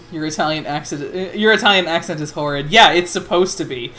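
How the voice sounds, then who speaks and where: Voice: mid-range voice, moderate pace, fairly bright tone. A game master narrating a tabletop role-playing game in a loose, profane way, with laughing asides.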